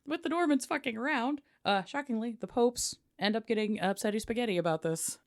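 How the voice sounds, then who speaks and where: A woman's voice: on the high side, a little fast. Female podcast co-host, casual and profane, jokey history storyteller.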